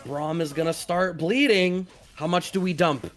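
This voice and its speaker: A man commentating a fighting game tournament, quick and animated, now and then swearing casually. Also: a little high. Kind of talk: esports play-by-play commentary.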